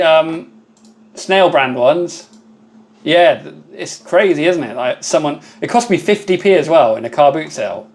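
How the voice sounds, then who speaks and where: A British man hosting a casual live stream from his workshop, chatty and upbeat, thanking viewers by name. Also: fairly high pitch. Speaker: livestream host.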